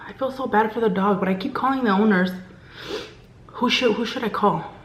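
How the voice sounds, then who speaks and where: Speaking a little fast at a medium pitch, this woman vlogger relays an incident from her job in a relaxed, chatty way, performing other people's lines with lots of animation. When things get tense, her voice drops to a whisper. There's noticeable echo in the room.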